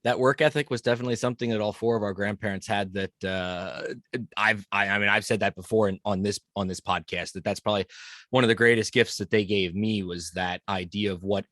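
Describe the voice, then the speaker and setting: A man hosting a podcast, speaking in a reflective, soft-spoken way in casual conversation on a front porch. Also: on the low side, dry recording, clean studio sound. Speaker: podcast host.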